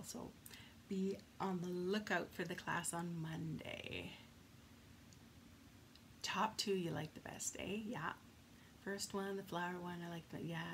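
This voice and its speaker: A chatty woman runs a casual live card-making demo from home, laughing easily and reading out viewer comments. Her voice sits at a middle pitch, with a faint hiss of room noise behind her. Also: fairly bright tone. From Canada. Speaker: craft demonstrator.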